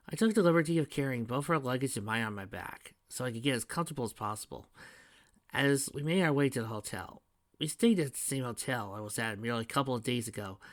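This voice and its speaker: A man reading his fan fiction aloud in the first person, plain and steady. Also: mid-range voice, no echo, clean studio sound. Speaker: narrator.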